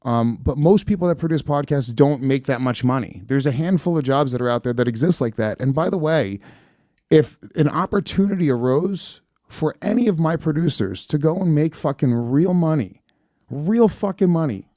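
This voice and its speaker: A man's voice: on the high side, animated, dark tone, no room sound, clean studio sound. Defensive podcast host, man. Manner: defensive, repetitive, halting restarts.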